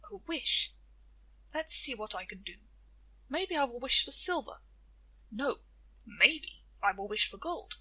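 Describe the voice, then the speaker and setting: A woman's voice: sits high, very animated, unhurried, pauses often, pushed and bright, breathy edge, no echo, full character voice. A woman storyteller voicing a proud, poor old village woman who sighs with delight and scolds sharply. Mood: eager.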